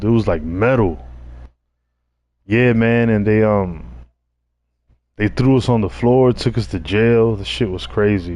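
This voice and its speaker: Laid-back New man telling street stories. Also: fairly low pitch. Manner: laid-back street slang, swearing, animated when quoting others. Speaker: streamer. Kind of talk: casual storytelling.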